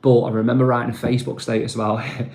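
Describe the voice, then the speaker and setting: A man with a Mancunian accent chats casually on a live stream. He rambles, fills gaps with ums and uhs, and keeps calling his viewers mate. His mid-pitched voice sits in a noticeably roomy, echoing space. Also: flat delivery, very fast, a little mellow. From Manchester, England. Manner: rambling, filler-heavy, calls viewers mate.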